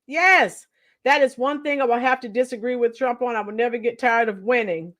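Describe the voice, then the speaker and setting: A woman teacher hosting a casual livestream and greeting viewers by name. Her voice is hoarse because she lost it singing, and she chats in a rambling way and sometimes sings along to rock songs. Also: on the high side, a little fast, a bit bright.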